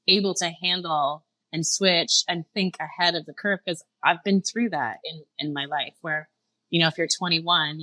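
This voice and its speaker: Brief: middle-aged Canadian woman, chef guest, animated storyteller, low pitch with a bright edge, dry close mic. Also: no room sound. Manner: animated, acts out dialogue in a higher voice, laughs often. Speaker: chef and restaurant owner, podcast guest. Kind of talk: conversational storytelling.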